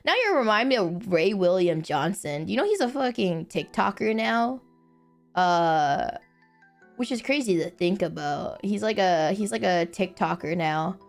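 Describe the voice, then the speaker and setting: Brief: animated woman streamer, casual swearing, lots of laughter, soft music behind. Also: medium pitch, unhurried, creaky. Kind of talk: casual livestream chat.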